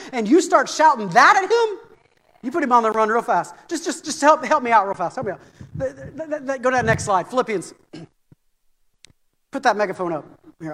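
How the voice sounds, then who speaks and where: A male pastor preaching in a church sanctuary, his voice ringing through a long hall reverb. He repeats words as he presses his points and climbs toward forceful, insistent peaks. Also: very high-pitched. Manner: preaching with rising intensity and repeated phrases. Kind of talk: sermon.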